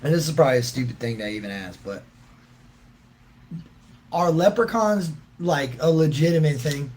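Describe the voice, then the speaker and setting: A man's voice: a little high, expressive, normal speed, a little mellow, a little hiss or hum. A man hosting a casual livestream, reading out viewers' comments and answering in a loose, joking, slangy way with frequent laughs. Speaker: livestream host reading chat.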